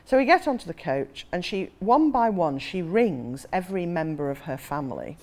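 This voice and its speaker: A woman's voice: fairly low pitch, sing-song, moderate pace, darkish tone. A woman in her forties, an author, telling a self-mocking anecdote with frequent laughter. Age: 40s. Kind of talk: anecdotal storytelling.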